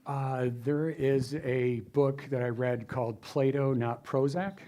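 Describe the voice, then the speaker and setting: A man's voice: mid-range voice, slow, dark tone. A man answering audience questions after a philosophy talk, casual and self-deprecating, often acting out quoted voices. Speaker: guest speaker, philosophy teacher. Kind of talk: lecture Q&A, casual and animated.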